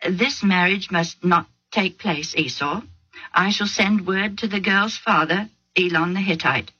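A woman voicing an old, nearly blind father who speaks slowly and solemnly in a lowered voice. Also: pushed and bright, husky, highs cut off, exaggerated voice. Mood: stern.

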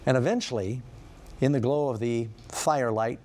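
A middle-aged male pastor preaching a sermon in a conversational, storytelling way, often asking his listeners questions. His voice is mellow and dark at a medium pitch. A faint hiss sits behind it. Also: normal speed.

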